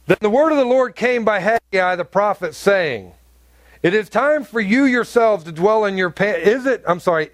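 With no room sound behind him, a man with a high voice preaches an emphatic sermon. This pastor acts out the voices in his examples, mixing dialogue into his forceful delivery.

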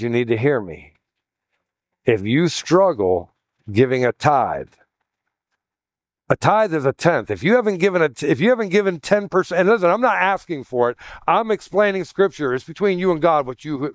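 A man's voice: medium pitch, dry recording, clean studio sound. A man preaching a sermon as pastor, teaching in a chatty way, calling his listeners "guys" and often restarting his sentences.

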